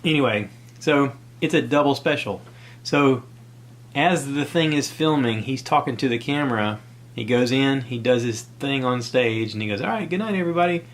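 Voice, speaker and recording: A man hosts his own podcast solo, rambling conversationally and sounding slightly out of breath. His voice is mid-range and he talks at a moderate pace.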